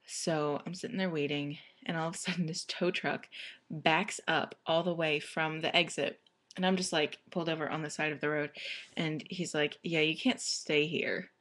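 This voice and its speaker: A woman's voice: low-pitched, fairly even intonation, normal speed, a bit bright. A young woman telling a personal story casually, rambling with many fillers and restarts.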